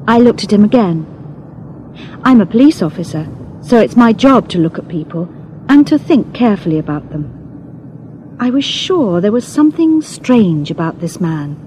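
A woman narrating a graded reader story with clear, careful storytelling. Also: medium pitch, dark tone, a little hiss or hum. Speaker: audiobook narrator.

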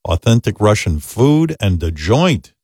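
A man's voice: on the low side, very animated, a little slow, darkish tone, slightly rough, dry recording, clean studio sound. A man hosting a podcast in casual chat, teasing his guests and laughing often. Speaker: podcast host. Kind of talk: casual chat, retelling a story.

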